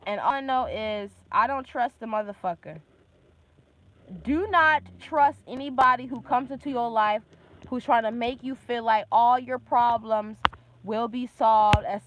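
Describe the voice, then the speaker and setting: A woman's voice: medium pitch, a little hiss or hum, rough recording. A woman in her twenties ranting on a live stream, agitated and heavily profane, talking in bursts into her phone camera out in public. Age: 20s. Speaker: vlogger. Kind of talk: angry live-stream rant.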